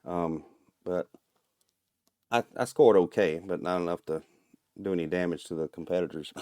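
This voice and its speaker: A man from Minnesota, a guest on a podcast, explaining things in a relaxed, casual way and chuckling often. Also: deep voice, moderate pace. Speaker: guest, turkey call maker and calling champion.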